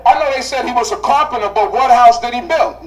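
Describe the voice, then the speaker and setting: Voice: mid-range voice, fast talker, recorded from a distance, rough recording. A Bible study teacher speaking to a class, asking rhetorical questions and repeating key phrases for emphasis.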